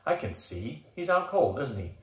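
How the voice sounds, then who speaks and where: A man's voice: medium pitch, very animated, moderate pace, pitched above the performer's own voice, close to an everyday voice. An older man voicing a firm, rule-bound male referee in a read-aloud story. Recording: roomy echo.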